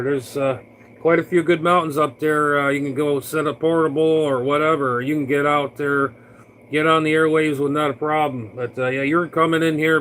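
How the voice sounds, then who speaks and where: A man's voice: fairly high pitch, a bit bright, a little hiss or hum, rough recording. A man, a CB radio operator from Florida, chatting casually on air in a folksy, rambling way with lots of fillers.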